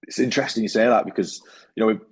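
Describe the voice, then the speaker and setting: A man's voice: fairly low pitch, racing, slightly rough. A man talking as a rugby league player in a casual interview, easygoing and rambling, with many fillers and restarts.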